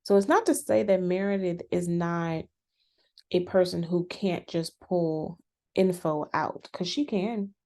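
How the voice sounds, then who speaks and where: A woman casually recapping a reality show episode, chatty and animated, with frequent restarts. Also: fairly low pitch, a little slow. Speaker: reality TV reviewer.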